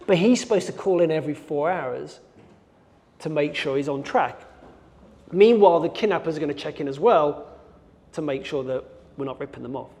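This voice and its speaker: A man's voice: on the high side, normal speed, creaky, pauses often, darkish tone. A middle-aged man giving a keynote talk on stage. He tells a dramatic story and acts out scenes and his own thoughts. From Birmingham, England. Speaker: keynote speaker, hostage negotiator. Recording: long reverb of a large hall.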